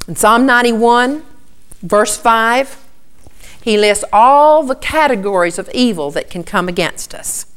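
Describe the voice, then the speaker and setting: A woman's voice: on the high side, unhurried, a bit bright, clear, resonant tone. A woman giving an earnest Bible teaching, repeating key points and often starting with "okay".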